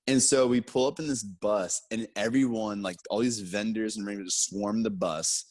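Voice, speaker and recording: Animated man telling a story. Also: normal speed, hardly any pauses, no echo. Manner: animated, acts out quotes with raised pitch. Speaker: guest storyteller. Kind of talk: casual storytelling.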